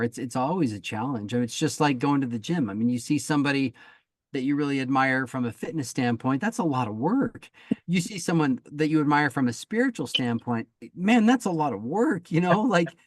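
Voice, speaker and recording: A man's voice: medium pitch, dry recording. A man interviewing a former guest, reflective and encouraging, explaining his points through everyday comparisons. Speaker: interviewer from the recovery center. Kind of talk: supportive interview talk.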